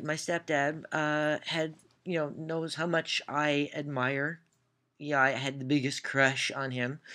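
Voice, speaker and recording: A Canadian woman with a fairly low, sharp-toned voice answers viewer questions in a casual vlog. She rambles through anecdotes in Canadian English, peppering them with "uh" fillers and self-deprecating asides.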